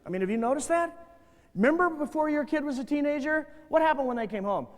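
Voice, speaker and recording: A man's voice: extremely high pitch, big pitch swings, a little fast. A middle-aged man giving a passionate seminar talk to youth workers in a church hall. He tells stories animatedly and acts out the voices he quotes. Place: large church hall with audience. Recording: reverberant hall, glitchy VHS tape transfer.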